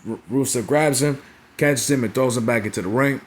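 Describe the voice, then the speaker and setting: A man's voice: medium pitch, a little fast. A young man casually recapping a wrestling show, rambling and profane, forever tagging on "right?" and "you know what I'm saying?".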